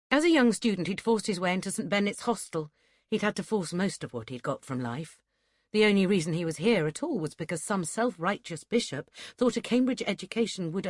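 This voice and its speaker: A woman with a lowish voice gives a steady, measured reading of a scripted audiobook. The recording is dry, with clean studio sound.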